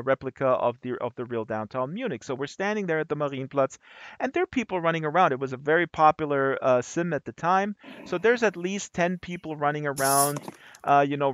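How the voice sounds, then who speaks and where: A man from Germany telling a story at an open mic in a casual, animated way, with many fillers and restarts, acting out the voices of the people in it. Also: medium pitch, no room sound, muffled recording.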